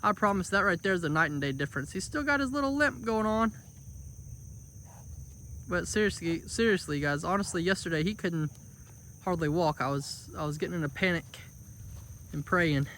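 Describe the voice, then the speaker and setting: A man's voice: fairly high pitch, a little hiss or hum. A young man, chatting casually to his viewers outdoors on a rural homestead, repeating himself and calling them y'all. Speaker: homestead vlogger. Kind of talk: casual vlog talk to camera. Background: insects and crickets.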